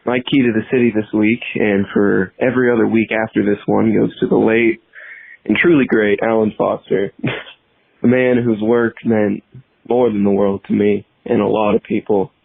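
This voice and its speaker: A man leaving a voicemail for a podcast, halting and subdued. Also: fairly low pitch, flat delivery, gravelly, husky, dry recording, narrow, tinny audio. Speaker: voicemail caller.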